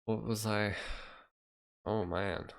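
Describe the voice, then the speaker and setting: A man's voice: fairly low pitch, steady tone, takes it slowly. A young man hosting a casual livestream, chatting loosely and reacting to viewer comments as he rambles. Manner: rambling, reacts to chat, trails off. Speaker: livestream host reading chat.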